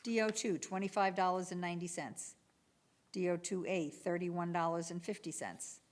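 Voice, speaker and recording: A municipal clerk, a woman, reads item codes and bid prices at a public bid opening, keeping a steady, businesslike tone. Her voice sits on the low side, and she speaks at a moderate pace.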